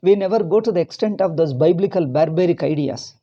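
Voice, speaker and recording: Man, Indian English accent, husky, mellow tone, rambling impassioned religious talk. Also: fairly high pitch, fairly quick, dull audio. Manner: rambling and impassioned, with many restarts. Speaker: spiritual teacher. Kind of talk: religious discourse.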